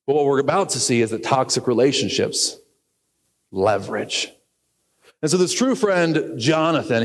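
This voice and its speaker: A pastor preaching a sermon, telling the story earnestly and asking questions of the congregation. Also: male voice, medium pitch, expressive, normal speed. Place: church sanctuary. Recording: reverberant church hall.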